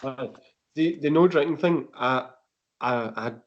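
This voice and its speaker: A Scottish man on a podcast, blunt and sweary, his speech full of "like". His voice sits a bit high for a man, and it comes through on dull, muffled lo-fi audio. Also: unhurried. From Scotland. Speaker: wrestler guest. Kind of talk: casual chat.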